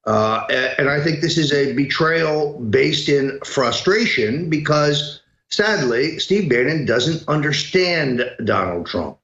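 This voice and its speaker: Man, political analyst guest, measured and emphatic, dull roomy recording. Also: on the high side, expressive, fairly bright tone. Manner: measured, emphatic, builds to rhetorical peaks. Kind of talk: political commentary on a call-in.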